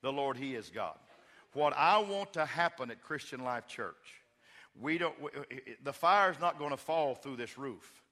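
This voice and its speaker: Pastor guy preaching, bright punchy voice, big echoey church, goes from jokey storytelling to loud fired-up bits. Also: fairly high pitch, lively intonation, unhurried. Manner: swings from quiet storytelling to loud fervent preaching; playful humor while retelling scripture. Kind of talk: sermon. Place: church sanctuary.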